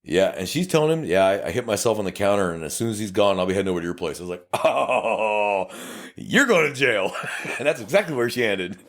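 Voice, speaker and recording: Animated, profane South Texas cop storyteller. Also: male voice, low-pitched, very fast, hardly any pauses. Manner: profane, animated, acts out dialogue. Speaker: podcast co-host, police officer. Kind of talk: casual storytelling chat.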